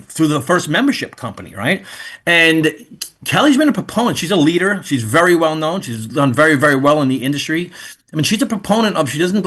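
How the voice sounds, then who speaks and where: A man's voice: on the high side, slightly rough. A man in his fifties with a New York accent, hosting a webinar in casual, rambling chat. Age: 50s. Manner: animated, rambling, folksy. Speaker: webinar host.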